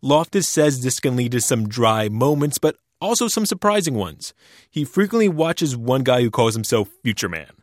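A man narrating a scripted radio news report in a measured, even way. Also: mid-range voice, no echo, studio quality. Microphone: studio mic.

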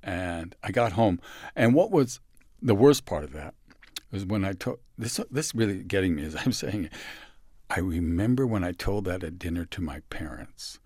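A lower-pitched man guesting on an interview, halting and reflective as he tells his own stories. He often restarts and sinks into a hush when he quotes someone. The sound is close and dry, with no room around him. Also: husky, dry recording. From San Francisco, USA. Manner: halting with restarts, soft dramatic dips when quoting others. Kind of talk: reflective personal storytelling.

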